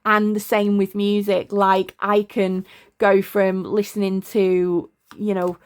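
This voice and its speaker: A woman's voice: mid-range voice, level tone, slow pace, clean tone. A middle-aged woman talking to camera at her desk in a casual, rambling way, often stopping to search for words. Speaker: tarot vlogger. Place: indoors at a desk.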